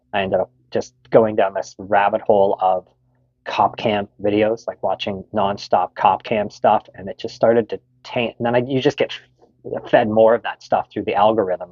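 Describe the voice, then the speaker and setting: A man's voice: fairly low pitch, darkish tone, no echo, dull audio. A middle-aged Canadian man candidly telling a personal story, frank and swearing freely, with many fillers.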